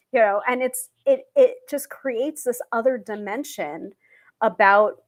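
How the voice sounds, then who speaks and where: A woman's voice: fairly high pitch, unhurried. A woman hosting a live tarot stream, talking casually with many fillers and restarts.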